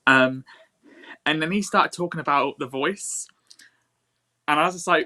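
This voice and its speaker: A man, co-hosting a casual podcast over a video call and telling a story in a lively, swearing way. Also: on the high side, a little slow. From England. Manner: animated, swearing, lively quoted dialogue. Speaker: co-host.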